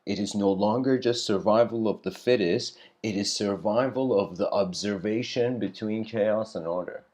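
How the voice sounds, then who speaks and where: A man giving a reflective spiritual lecture, telling stories slowly with pauses and letting his voice trail off quietly. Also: lowish voice. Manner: unhurried storytelling with pauses.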